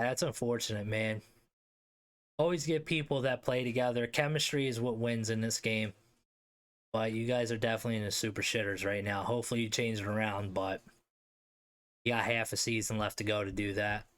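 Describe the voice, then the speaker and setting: A man with a Philadelphia accent talks through a live stream in a relaxed, slangy way. He drops swear words and answers his chat as he goes. His pitch sits at an ordinary middle level for a man. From Philadelphia area, US. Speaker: streamer host ranking hockey league teams. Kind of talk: casual live-stream commentary.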